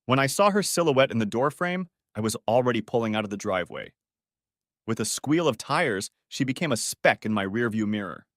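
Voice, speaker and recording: Sex: man. Role: audiobook narrator. Style: scripted first-person story. Pitch: lively. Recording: dry. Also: a little fast, no echo. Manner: dramatic, expressive storytelling.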